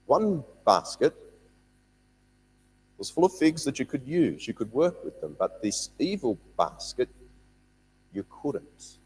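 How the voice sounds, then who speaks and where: Guy teaching bible study, bit husky, voice bouncing up and down, big echoey hall. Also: medium pitch, slow pace, pauses often. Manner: animated, repeats words, reads scripture aloud.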